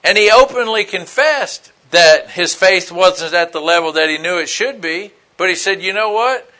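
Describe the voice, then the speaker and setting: A man's voice: high-pitched, normal speed, pushed and bright. A man preaching a conversational sermon in a casual, plain-spoken way, with frequent "you know" fillers.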